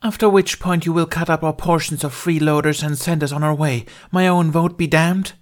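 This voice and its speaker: A man's voice: on the high side, fairly even intonation, normal speed, pitched above the performer's own voice, lightly acted. A man reading a fan fiction audiobook, voicing a haughty, stubborn woman senator who hisses and spits her words. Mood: spiteful. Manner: hissing, spitting contempt.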